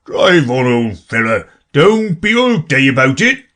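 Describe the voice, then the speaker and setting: A man voicing the Gryphon as a gruff, impatient male beast in a storybook reading, with a brusque, scolding manner. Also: medium pitch, very animated, unhurried, a bit bright, voice pushed up.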